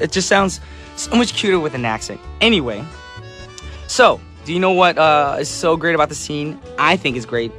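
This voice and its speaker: Reading out messages from listeners, this American radio host speaks at normal speed in a slightly high, expressive voice. His studio chat is casual, upbeat, and quick to laugh, with soft background music.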